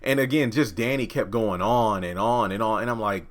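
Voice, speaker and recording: A man's voice: moderate pace, few pauses. A man giving a casual review of a TV episode, exasperated, ranting and swearing freely. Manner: jumps into quoted lines with raised pitch. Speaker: TV show reviewer.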